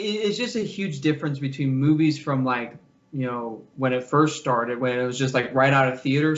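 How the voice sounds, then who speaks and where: A man interviewing a guest in a relaxed, chatty way. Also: mid-range voice, highs cut off. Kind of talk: casual interview chat.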